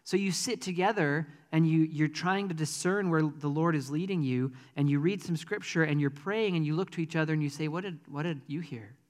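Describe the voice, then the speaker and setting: A man's voice: a little high, fairly quick, few pauses, long reverb tail. A man preaching a sermon in a conversational, earnest way, with frequent ums. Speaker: pastor.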